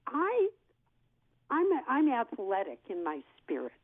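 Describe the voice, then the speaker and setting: A woman in her sixties, an actress, telling an animated story in an interview and acting out what people said. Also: a little high, takes it slowly, no echo. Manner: lively storyteller who acts out what people said. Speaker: actress guest. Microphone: telephone. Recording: tinny phone line.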